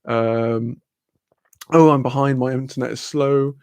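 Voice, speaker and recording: A man's voice: medium pitch, fairly even intonation, a little slow, darkish tone, no echo. A man hosting a livestream, casually reading the chat aloud, laid-back, laughing often and swearing freely. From Wales. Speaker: livestream host.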